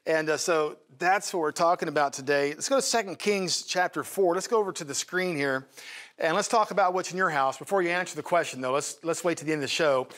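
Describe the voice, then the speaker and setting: A man's voice: a little high, fast, a bit bright. A man, a pastor co-hosting a TV talk show, teaching from the Bible in a folksy, emphatic way and turning to his wife with asides.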